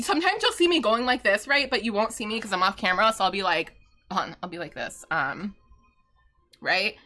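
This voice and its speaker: A woman's voice: on the high side, pushed and bright. A middle-aged woman streaming live from home, chatting casually, answering viewer questions and laughing often.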